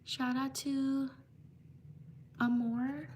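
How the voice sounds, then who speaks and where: A woman hosting a livestream, reading viewers' names for shout-outs in a slow, repetitive way. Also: high voice, little pitch movement, a little hiss or hum. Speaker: livestream host.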